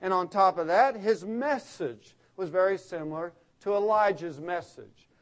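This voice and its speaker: A man's voice: sits high, normal speed. A man preaching a sermon as pastor, emphatic and conversational, with frequent restarts.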